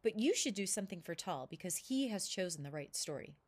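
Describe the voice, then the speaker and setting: A wise talking donkey, as a woman reads her part from a storybook, confident and plain-spoken. The voice stays low and even. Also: brisk. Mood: assured. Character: wise, talking female donkey, sure of herself.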